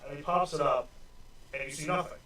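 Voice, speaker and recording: A man narrating a tabletop game as game master, in a loose, rambling way with a lot of "like" and "uh." His voice sits a little high for a man. The recording is very echoey, with the mic well away from him and faint background noise. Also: steady tone, brisk, pushed and bright. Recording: very echoey room, mic far off.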